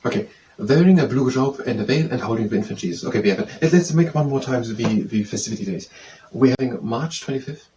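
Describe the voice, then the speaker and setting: Guy studying out loud, keeps repeating stuff and restarting, sounds far from the mic. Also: mid-range voice, animated, fast talker, few pauses. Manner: repetitive self-quizzing, hesitant restarts. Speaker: student memorizing aloud. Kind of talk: thinking aloud while studying. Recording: distant mic with faint background noise.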